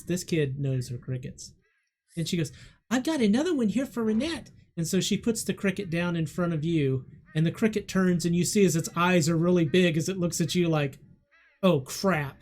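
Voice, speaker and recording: A woman narrating a tabletop game as game master, playful and quick to laugh. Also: sits low, a little mellow.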